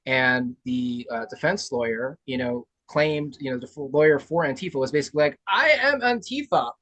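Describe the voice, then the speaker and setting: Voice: mid-range voice, flat delivery, brisk, no echo, lo-fi sound. A podcast host in casual political chat who rambles and leans on lots of fillers.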